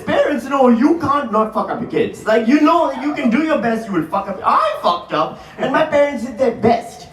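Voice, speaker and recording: A man in his forties doing profane, animated stand-up comedy before a live audience. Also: extremely high pitch, background noise. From Pakistan. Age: 40s. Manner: animated, profane, quick asides to the crowd. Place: large hall, live audience. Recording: roomy live hall, mic from a distance, crowd laughter. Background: audience laughter.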